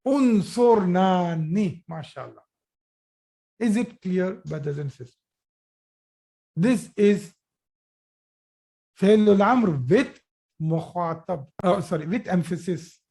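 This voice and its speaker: A man's voice: high voice, expressive, a little slow, long pauses, warm tone. A man teaching Arabic grammar in a live online lesson, patient, often praising his students.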